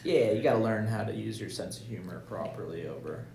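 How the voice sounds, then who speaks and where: A man's voice: lowish voice, a little fast, vocal fry, darkish tone, a little hiss or hum. Young man with dry short remarks. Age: young adult. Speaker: co-host. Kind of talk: casual comedy chat. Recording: echoey room.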